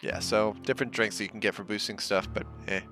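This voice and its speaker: A man's voice: lowish voice, steady tone, fast talker, a bit bright, faint music behind. A man hosting a let's play, giving laid-back, casual commentary and muttering to himself as he plays.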